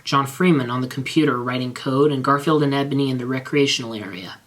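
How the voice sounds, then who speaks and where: A man's voice: medium pitch, fast, fairly bright tone. A man reading his own fan fiction aloud in a dry, matter-of-fact narrating voice.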